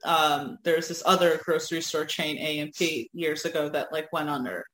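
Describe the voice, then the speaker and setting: A woman's voice: deep voice, fairly even intonation, moderate pace, fairly bright tone. A woman chatting casually as a co-host, rambling and laughing often. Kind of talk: casual chat. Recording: echoey room.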